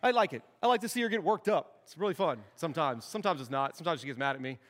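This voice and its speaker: A man's voice: a little high, animated, rapid-fire, fairly bright tone, in a large hall. A man in his forties, a youth pastor, preaching a sermon in a joking, storytelling way and acting out bits of dialogue.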